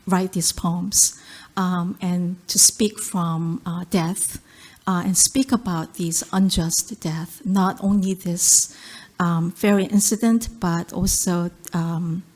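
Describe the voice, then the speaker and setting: A woman's voice: on the low side, a little mellow. Korean-accented woman reading poetry. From South Korea. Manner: measured, rhythmic poetry recitation. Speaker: poet.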